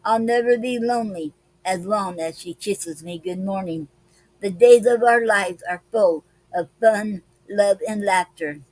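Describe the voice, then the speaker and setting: A woman hosting a live-stream poetry club, reading her own poems aloud slowly and deliberately between casual remarks with fillers. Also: medium pitch, warm tone, dry recording, low-quality recording. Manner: slow deliberate reading with many pauses and fillers.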